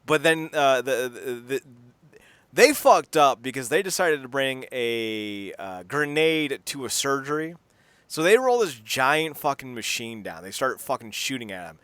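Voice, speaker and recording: A man co-hosting a podcast in casual, profane chat, animated and rambling with many restarts. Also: medium pitch, a little slow, smooth, no room sound. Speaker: podcast co-host.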